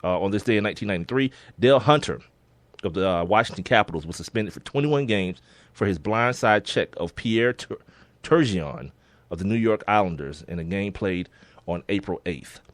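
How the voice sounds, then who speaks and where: A man co-hosting a sports podcast, talking in a relaxed, casual way and often laughing as he reads out sports history. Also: lowish voice, brisk, no room sound. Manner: laid-back, laughs often, reads listings with slips. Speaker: podcast co-host.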